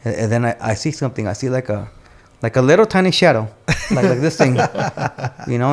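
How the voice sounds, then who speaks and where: Swearing animated storytelling dad. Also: male voice, mid-range voice, fairly quick, gravelly. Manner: animated storyteller, swears often, says "dude" and "bro". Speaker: podcast host. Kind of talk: casual chat, storytelling.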